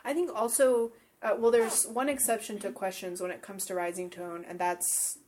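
A woman co-teaches English pronunciation in a friendly back-and-forth chat. She agrees readily and keeps the lesson moving with questions in a voice of middle pitch. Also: level tone, moderate pace, mellow, a little hiss or hum. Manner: agreeable, asks guiding questions.

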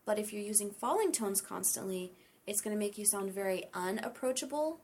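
A woman teaching English pronunciation in a relaxed chat, explaining with lots of examples. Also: mid-range voice, brisk, husky. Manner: explains with many examples and light laughter.

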